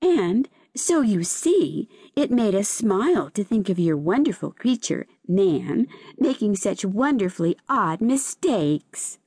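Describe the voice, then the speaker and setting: A woman voicing a chatty seaweed that mocks others and is quick to laugh, in a high, lilting voice. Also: husky, dry recording, clean studio sound, heavily acted. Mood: apologetic. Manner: lively, high-pitched, lilting.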